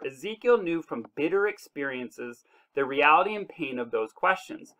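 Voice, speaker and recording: A man's voice: fairly high pitch, sharp tone, low-quality recording. Earnest man teaching a casual Bible devotional. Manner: earnest, conversational, with restarts and slow emphasis. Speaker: church devotional leader. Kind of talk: casual online Bible lesson.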